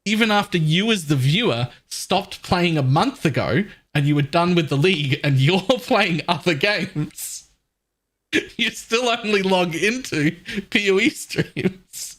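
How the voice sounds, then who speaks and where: Chatty streamer man, slightly high voice. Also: lively intonation, slow, a bit bright. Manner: laughs often, repeats and restarts phrases. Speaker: game streamer. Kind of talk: casual live-stream chat.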